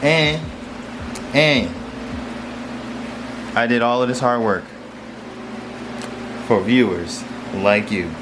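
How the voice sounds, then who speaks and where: Speaking very slowly with frequent pauses and lively intonation, a medium-pitched car DIY vlogger gives a loose, chatty how-to while working with his hands and filming on a handheld phone. The background is noisy, with music playing.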